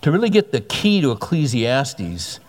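Emphatic preacher in a big hall. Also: male voice, medium pitch, sing-song, moderate pace. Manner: conversational, emphatic preaching with repetitions. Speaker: pastor. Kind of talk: sermon. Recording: long hall reverb.

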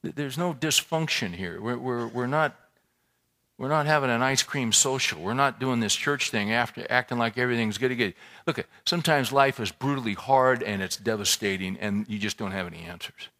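A man with a mid-range voice preaches a sermon in church at a moderate pace. He talks conversationally and with animation, asking the congregation rhetorical questions and repeating himself as he builds toward a point.

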